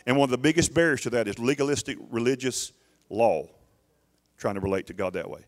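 A man's voice: medium pitch, expressive, fast talker. Middle-aged male pastor, church sermon, emphatic, keeps circling back with "listen to me" restarts.

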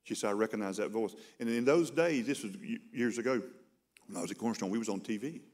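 Low-voiced pastor telling a story. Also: male voice, quick pace, darkish tone. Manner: conversational storytelling, repeats words when starting sentences. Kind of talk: sermon.

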